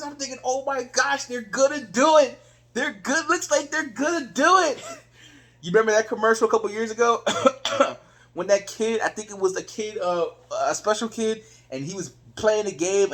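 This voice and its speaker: A man giving a casual game recap as a fan, excitable and retelling each play with his own reactions. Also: high voice. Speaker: sports fan reviewing a game.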